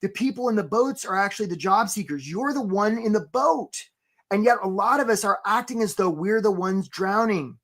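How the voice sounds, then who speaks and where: A man hosting a live career webinar. He talks with energy, keeps asking "right?" and gives quick shout-outs to viewers. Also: high voice, expressive. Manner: acts out voices for stories, playful.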